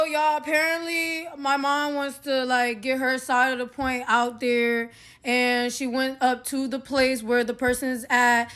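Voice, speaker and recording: A young woman telling a personal story to her viewers in a rambling, slangy way, recorded on her phone. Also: mid-range voice. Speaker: TikTok storyteller. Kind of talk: casual storytime rant.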